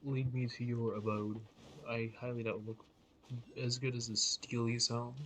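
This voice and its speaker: A man's voice: medium pitch, flat delivery, normal speed, a bit bright, a little hiss or hum. A man giving casual, jokey commentary while playing a video game, often mock-polite and sarcastic. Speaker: gamer commentating his play.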